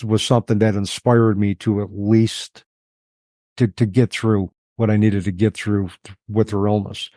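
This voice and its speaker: Middle-aged man, low voice, dry close sound; reflective, halting interview guest. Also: dark tone, no echo. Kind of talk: personal storytelling in an interview.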